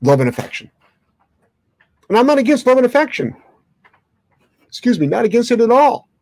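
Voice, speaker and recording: A man's voice: very high voice, sing-song, normal speed, darkish tone, no room sound. A man who trains dogs for a living, answering viewer questions in a blunt, opinionated way, swearing now and then. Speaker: dog trainer.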